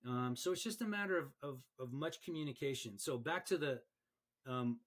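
A man who referees, chatting on a podcast and telling stories in an animated way, often repeating words as he goes. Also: mid-range voice, normal speed, breathy edge. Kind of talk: casual podcast chat.

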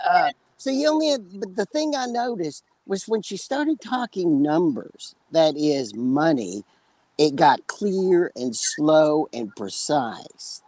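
On a podcast, a West Texas–accented male co-host tells long, jokey stories in relaxed, meandering chat. His pitch is fairly high with a darkish tone, and the audio quality is poor.

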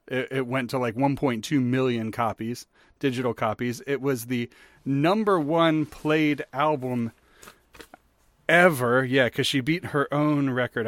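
A man's voice: medium pitch, dry recording. Podcast co-host, male, rambling chatty storyteller, dry close mic. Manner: rambling, animated storyteller with many fillers. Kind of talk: casual chat.

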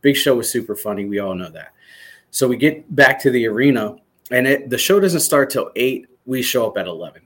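A man in his thirties from Michigan, a former soldier, telling a story as a podcast guest in an animated, excited way, swearing freely. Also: medium pitch, fairly quick. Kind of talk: casual storytelling interview.

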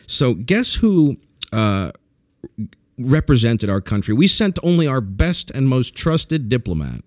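A man hosting a podcast, telling crude stories with plenty of laughter. His pitch swings widely as he talks. The sound is dry and close. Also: a little slow, no echo. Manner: crude, laughs a lot, animated storytelling. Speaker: podcast host. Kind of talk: casual chat.

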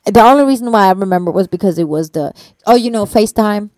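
A woman's voice: medium pitch, fast, a little mellow, no echo. A woman telling a personal story in casual conversation, rambling with many fillers and free swearing. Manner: slangy, hesitant.

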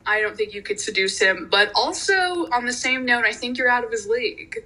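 A woman's voice: a little high, fairly even intonation, brisk, sharp tone, poor audio. A young woman who is a guest in a casual chat, teasing her friend with playful made-up scenarios.

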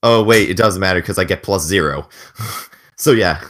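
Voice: low-pitched, moderate pace, a bit bright. A player in a tabletop game, chatting casually and joking.

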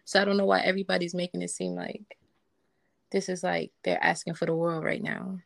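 Gravelly woman cutting in bluntly. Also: on the low side, level tone, a little fast, no room sound. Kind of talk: casual chat.

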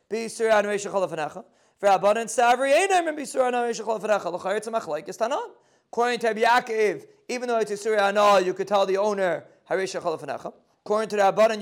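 A man leads a Talmud lesson. He reads the Aramaic text aloud and explains it in quick, casual sprinkled with terms. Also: high voice. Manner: quick explanatory, translating Aramaic text into English with yeshiva phrasing. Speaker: Talmud teacher. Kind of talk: daf yomi Talmud lesson.

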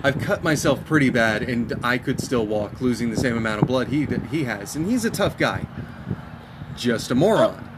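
A man's voice: medium pitch, lively intonation, moderate pace, heavy background noise. Exasperated, swearing young man from Texas. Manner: profane, exasperated storytelling, laughs often. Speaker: storyteller in a friends' chat. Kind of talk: casual chat.

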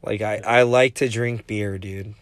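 A man's voice: on the low side, fairly even intonation, measured pace, clear, resonant tone, no echo. Loose, swearing guy saying dude nonstop. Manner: loose, swearing, says dude constantly, laughing. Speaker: podcast host. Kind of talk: casual late-night chat. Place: outdoors in front of a house.

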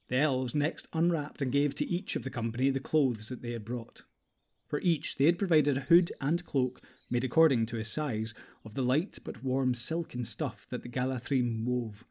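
Male narrator, audiobook reading, steady and even, middling pitch. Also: normal speed, husky. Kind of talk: scripted narration.

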